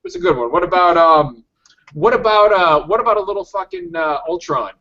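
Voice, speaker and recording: A man's voice: high voice, expressive, fairly quick, pushed and bright. A man chatting casually on a podcast, rambling and joking, a little tipsy, cursing freely. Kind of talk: casual chat with impressions. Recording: dull lo-fi sound.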